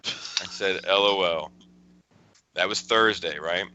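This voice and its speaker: A man's voice: sits low, takes it slowly, bright, forceful tone, dull audio, slight background noise. A man hosting a casual podcast, chuckling as he rambles through a friend's text messages. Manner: chuckling, rambling storyteller with restarts. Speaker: podcast host.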